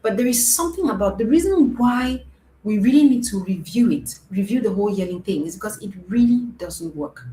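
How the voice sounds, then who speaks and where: A woman's warm, medium-pitched voice moves a little fast and expressively as she coaches parents over a live stream. Earnest and repetitive, she often asks "right?" to check in. Faint noise and echo from the room come through.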